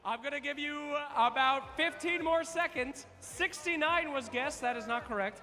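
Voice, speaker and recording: A man hosting a live trivia contest on stage at an esports event, energetic and teasing, calling out to the crowd. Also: extremely high pitch, normal speed, hardly any pauses, soft background music. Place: large event hall on stage. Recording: long reverb of a big hall.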